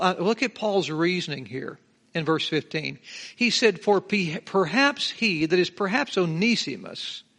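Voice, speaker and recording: A man's voice: high-pitched, vocal fry, fairly bright tone. A middle-aged male pastor teaching a Bible passage verse by verse, emphatic, drawing out key words and asking the congregation rhetorical questions.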